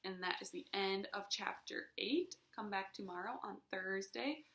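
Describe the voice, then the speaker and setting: A woman reading a children's chapter book aloud in an expressive way, acting out the sound effects. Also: mid-range voice, a little slow, roomy sound. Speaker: reader.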